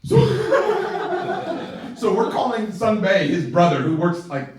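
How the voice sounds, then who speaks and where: A man giving a live sales training talk to a group, animated, laughing often and checking in with his listeners. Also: sits high, slow. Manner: animated, keeps checking in with the audience; laughs often while talking. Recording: very echoey room, far from the mic.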